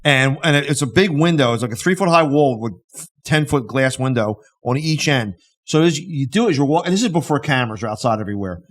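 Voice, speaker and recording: A man co-hosting a podcast, telling a story with lively energy and acting out the people in it. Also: medium pitch, quick pace. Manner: animated storyteller who acts out the people in his stories. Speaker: podcast co-host. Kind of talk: casual storytelling chat.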